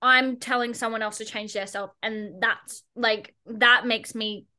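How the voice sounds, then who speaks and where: Bright-voiced, blunt sarcastic woman. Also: on the high side, fairly even intonation, unhurried. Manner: blunt, sarcastic, swears freely. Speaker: podcast guest, entrepreneur. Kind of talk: casual podcast chat.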